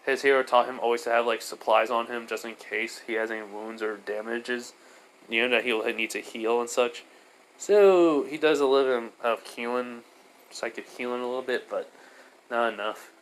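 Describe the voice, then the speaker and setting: A man's voice: medium pitch, moderate pace, slight background noise, rough recording. Man, casual story retelling, rambling, fillers, restarts.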